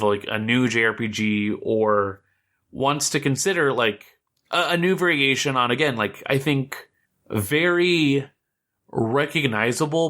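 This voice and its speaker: A man's voice: medium pitch, bright, forceful tone. A man co-hosting a video game podcast in loose, rambling casual chat, swearing offhandedly and filling gaps with "like" and "uh". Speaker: podcast co-host.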